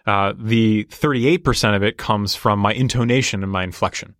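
A man's voice: fairly low pitch, normal speed, fairly bright tone, dry recording, clean studio sound. A man talking confidently and explaining with examples in a casual conversation. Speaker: negotiation guest.

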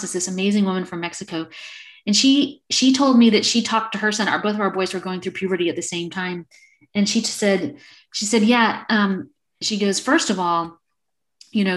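A middle-aged woman in casual conversation, speaking openly and acting out little snippets of dialogue as she explains. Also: fairly low pitch. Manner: animated, acts out little dialogues. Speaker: guest.

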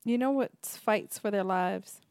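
A woman's voice: medium pitch, measured pace, darkish tone, clean tone, no echo, clean studio sound. A woman co-hosting a podcast, throwing in teasing quips in casual chat. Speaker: podcast co-host.

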